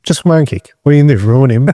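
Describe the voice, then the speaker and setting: A man's voice: mid-range voice, animated, fast talker, dark tone, dry recording. A man co-hosting a podcast, chatting in a playful, laid-back way. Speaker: podcast co-host. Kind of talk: casual podcast chat.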